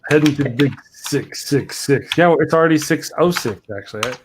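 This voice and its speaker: A man chatting casually as a guest on a livestream call, relaxed and halting. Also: on the high side, background noise. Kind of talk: casual chat.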